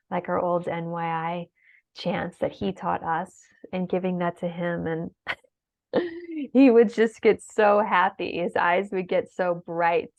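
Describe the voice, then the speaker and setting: This middle-aged woman has a lowish, gravelly voice with a darkish tone. Appearing as an interview guest, she talks emotionally and from the heart, at times tearfully, using lots of fillers, captured on a dull, lo-fi recording.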